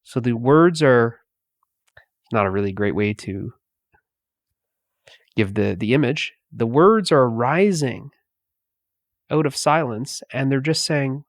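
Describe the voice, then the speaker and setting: A man giving a meditative spiritual talk, speaking softly with long pauses between phrases. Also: medium pitch, lively intonation, dry recording, clean studio sound. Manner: slow, pausing, softly spoken. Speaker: spiritual teacher.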